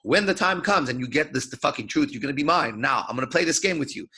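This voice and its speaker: Swaggering guy coaching on dating, cussing a lot, gravelly husky voice. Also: a little high, lively intonation, fast, bright, forceful tone. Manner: profane, swaggering, emphatic. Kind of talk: unscripted lecture.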